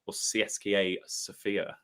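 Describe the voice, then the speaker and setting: A man's voice: lowish voice, little pitch movement, moderate pace, fairly bright tone, clear, resonant tone. Upbeat male live quiz host. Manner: upbeat, chatty, laughs often. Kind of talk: live-stream quiz commentary.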